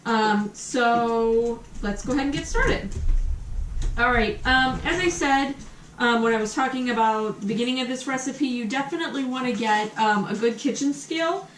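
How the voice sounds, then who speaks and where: American woman, cooking host, chatty with ums, slightly high voice, mic at a distance in an echoey kitchen. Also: moderate pace, fairly bright tone, slight background noise. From USA. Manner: chatty, many ums, talks while cooking. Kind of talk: casual cooking demonstration. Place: home kitchen.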